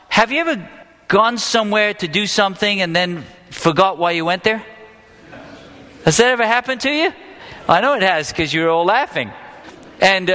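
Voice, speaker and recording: A pastor with a high, bright voice preaches to a live congregation in a church hall, speaking casually and posing questions to them as he goes. His words ring out with a long reverb.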